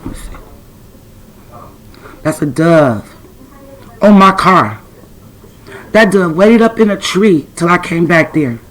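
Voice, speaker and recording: A woman's voice: on the low side, animated, takes it slowly, pauses often, rough recording. A woman telling a personal spiritual story to her viewers in a casual, blunt, streetwise way, cursing now and then. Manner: blunt and streetwise, swears, talks straight to the camera's audience. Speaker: self-described spiritual intuitive.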